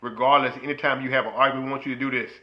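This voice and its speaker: A man co-hosting a marriage podcast, talking in a playful, preachy way with bursts of loud excited laughter. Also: mid-range voice, very fast, lo-fi sound. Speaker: podcast co-host. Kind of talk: casual chat.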